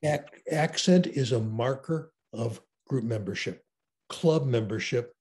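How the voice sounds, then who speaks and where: An older man on a video call, an enthusiastic, animated storyteller in a conversational interview. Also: medium pitch, measured pace. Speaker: interview guest.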